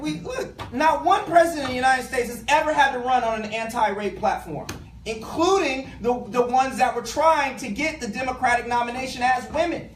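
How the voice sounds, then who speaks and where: A man's voice: very high voice, a bit bright. A man speaks with passion and emphasis, using casual phrasing as he addresses a live audience at a community talk. He is picked up from some distance away. The room is echoey, with faint background noise. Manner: impassioned, emphatic, colloquial, addresses audience directly. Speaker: guest speaker, education professor.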